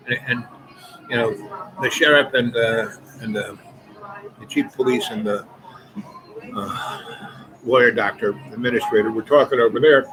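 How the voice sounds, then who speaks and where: A man telling a rambling personal anecdote, halting often and restarting his sentences. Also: mid-range voice, crowd noise, poor audio. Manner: halting, many restarts and repeated words. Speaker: storyteller. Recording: voice over clear background music.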